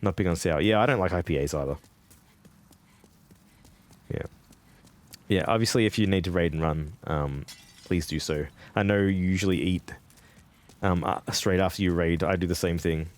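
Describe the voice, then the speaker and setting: Deep-voiced and moderately paced, an Australian man pauses often while streaming a game. He chats casually with his viewers, rambling, laughing frequently, and swearing freely.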